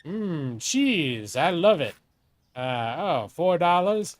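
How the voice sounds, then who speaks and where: Taking his time, a middle-aged man with a fairly high, very animated voice provides live commentary while streaming a game. He chats casually, curses often, and addresses himself as well as a co-host.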